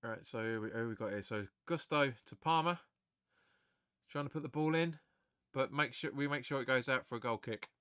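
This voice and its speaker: Male fan host, bright raised voice, dry close mic, excitable live match chatter. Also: mid-range voice, fairly quick, clean tone, dry recording. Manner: excitable, chatty, swears, reads viewer comments aloud. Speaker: fan watch-along host. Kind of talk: live match watch-along commentary.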